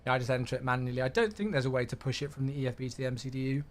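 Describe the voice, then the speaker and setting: A man's voice: medium pitch, rapid-fire. A young man, chatting casually on a flight-sim live stream and thanking viewers by name.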